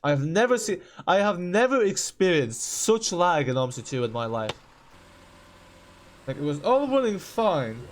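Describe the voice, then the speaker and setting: A man's voice: high voice, very animated, moderate pace. A man hosting a game channel, ranting in exasperation at a buggy simulator, stammering and repeating himself. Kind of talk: ranting gameplay commentary.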